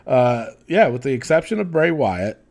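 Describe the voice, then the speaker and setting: A man of medium pitch whose voice rises and falls a lot as he chats. He rambles through his thoughts with plenty of fillers and casual cursing. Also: sing-song, normal speed, darkish tone. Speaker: podcast co-host. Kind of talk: casual wrestling chat.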